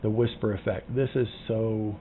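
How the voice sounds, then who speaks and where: A man from the Southern United States coaching insurance agents on phone sales, emphatic and sometimes dropping to a hushed tone. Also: level tone, moderate pace. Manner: emphatic, drops to a low hush for key points. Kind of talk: casual teaching monologue. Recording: tinny phone-like sound with faint noise.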